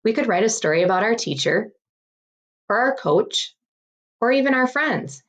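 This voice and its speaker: A woman teacher giving young children ideas for writing a story about someone they love. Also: fairly low pitch. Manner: encouraging, addresses children directly. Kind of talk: early-grade writing lesson.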